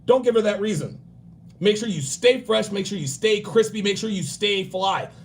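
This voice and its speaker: A man in his forties hosting a livestream, giving blunt, profane dating and grooming advice and acting out other people in quick bursts. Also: high-pitched, expressive. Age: 40s. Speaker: livestream host.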